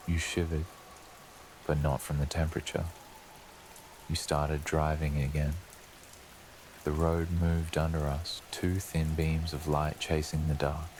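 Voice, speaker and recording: A male narrator with an extremely deep voice tells a bedtime horror story in a slow, ominous drawl. His delivery stays flat and even, and soft rain patters faintly behind him. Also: a little hiss or hum. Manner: slow, ominous second-person telling as a lurking presence. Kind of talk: scripted horror narration for sleep.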